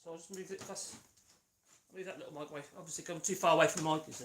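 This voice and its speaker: A man's voice: high voice, fast talker, echoey room, far from the mic. A man chatting casually on a radio mic while he builds something, rambling and cracking jokes. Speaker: vlogger. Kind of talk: casual chat while woodworking.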